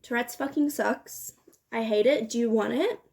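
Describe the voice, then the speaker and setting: A woman's voice: on the high side, moderate pace, vocal fry, darkish tone. A young woman chatting casually while doing her makeup, laughing and swearing often. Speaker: beauty vlogger. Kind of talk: get-ready-with-me chat.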